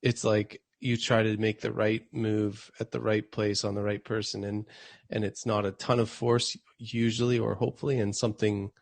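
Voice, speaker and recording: Low gravelly man hosting a podcast. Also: flat delivery, normal speed, no echo. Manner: easygoing interviewer, prompts guest with questions. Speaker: podcast host, naturopathic doctor. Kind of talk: casual podcast conversation.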